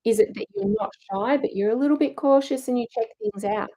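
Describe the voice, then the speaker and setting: A woman's voice: fairly high pitch, expressive, brisk, mellow, poor audio. A middle-aged woman coaching a challenge group on mindset, earnest and encouraging, acting out inner self-talk.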